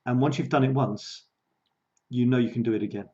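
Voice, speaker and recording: Man, creativity coach, live stream talk, chatty and self-mocking, warm mellow tone, dull lo-fi audio. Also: mid-range voice, steady tone, fairly quick. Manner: chatty, self-mocking, laughs often, repeats words.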